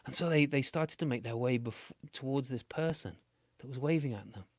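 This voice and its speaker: British man, storyteller, playful and animated, children's tale, mid-pitched voice, dry close sound. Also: fairly quick, dry recording. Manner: playful, animated, with big swings in pitch and loudness.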